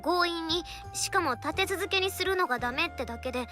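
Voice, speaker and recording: A woman's voice: very high voice, lively intonation, racing, over music. A woman voicing a flustered, scolding young girlfriend in a visual novel game, with a girlish anime delivery. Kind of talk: Japanese visual novel voice acting.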